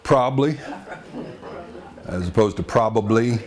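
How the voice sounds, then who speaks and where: A man's voice: fairly low pitch, a little slow, crowd noise. A man from Texas with a Texan accent, telling folksy anecdotes in a wry, good-humored way and chuckling often. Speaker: storyteller.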